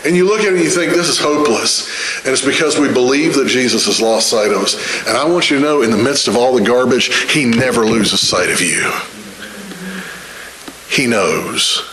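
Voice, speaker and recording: A male preacher delivers his sermon with fervent conviction, hammering each point home through repetition. His voice sits at a middle pitch and rings out in an echoey church room. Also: normal speed, fairly bright tone, slight background noise. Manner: fervent preaching with repeated phrases.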